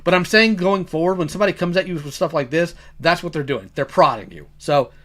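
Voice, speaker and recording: Man, streamer host, bright voice, slightly high, blunt casual commentary. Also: lively intonation, a little fast.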